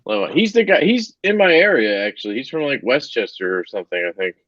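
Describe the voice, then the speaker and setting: A man's voice: mid-range voice, wildly swooping pitch, fast talker, fairly bright tone, dry recording, dull audio. A man chatting loosely on a podcast, joking and swearing as he talks. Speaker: podcast co-host. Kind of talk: casual podcast chat.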